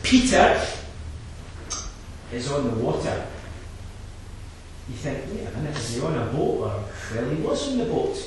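A man preaching a sermon, swinging from low quiet asides to loud impassioned climaxes and repeating his key phrases. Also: very animated, measured pace, pauses often. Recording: very echoey, from a distance, faint background noise.

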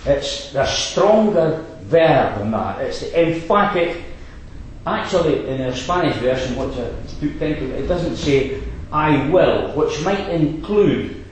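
A man delivers a sermon in an unhurried, lively voice that rises and falls. He stresses his points and drops short asides to the listeners. His voice rings with heavy echo in a church hall. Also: on the high side. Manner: emphatic, with rhetorical asides. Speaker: preacher.

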